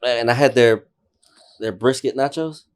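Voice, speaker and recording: A man's voice: medium pitch, unhurried, clear, resonant tone. A man from Fort Worth hosting a podcast, making laid-back jokes in casual chat. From Fort Worth, Texas. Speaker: podcast host.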